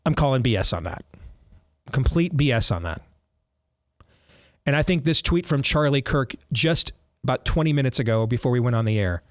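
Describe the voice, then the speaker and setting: A male talk show host with a fairly high voice delivers political commentary in a blunt, sarcastic way. He often restarts his sentences. The studio sound is dry and close. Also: no echo.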